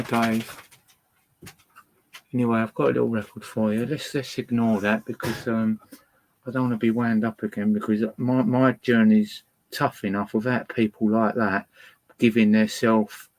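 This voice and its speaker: A man's voice: on the low side, flat delivery, unhurried, rough recording. A man hosting a casual livestream from a boat, ranting angrily and swearing at viewers between records. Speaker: livestream host playing records. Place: indoors on a boat.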